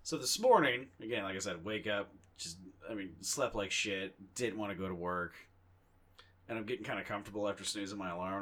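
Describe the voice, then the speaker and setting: A man's voice: on the low side, brisk, fairly bright tone. A young man co-hosting a podcast in casual chat, telling rambling, profane, self-mocking stories. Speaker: podcast co-host.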